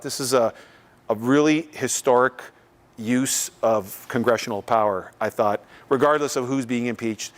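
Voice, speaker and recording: Chatty man giving a lecture. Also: mid-range voice. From Canada. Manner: conversational, loose, acts out others' voices. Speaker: visiting artist giving a lecture. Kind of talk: casual lecture and Q&A. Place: lecture room.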